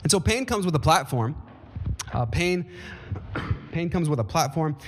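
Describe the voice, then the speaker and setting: A man's voice: on the high side, very animated, unhurried, slight background noise. A man in his thirties preaching a sermon as pastor, with emphatic rises and folksy asides to the congregation. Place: church sanctuary. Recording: long hall reverb.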